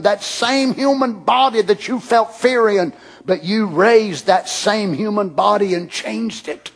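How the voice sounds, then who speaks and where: Husky high-voiced preacher guy, goes from hushed prayer to shouting. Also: unhurried. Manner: prayerful, swings from hushed whispers to shouted fervor. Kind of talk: sermon.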